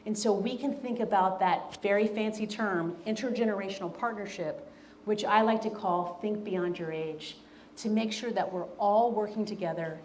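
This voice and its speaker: A woman's voice: mid-range voice, a little mellow, a little hiss or hum. A woman from the American South, an author giving an earnest, emphatic talk to a room and reading from her own book. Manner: earnest, emphatic, repeats key lines. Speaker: author and speaker. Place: event room before an audience.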